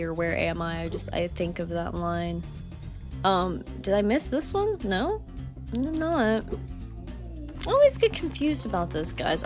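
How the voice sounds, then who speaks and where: Chatty woman streamer, lively voice. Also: medium pitch. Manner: chatty, rambling, frequent fillers, reads chat aloud; warm and effusive toward viewers. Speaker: gaming streamer. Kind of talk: casual live-stream chat while playing.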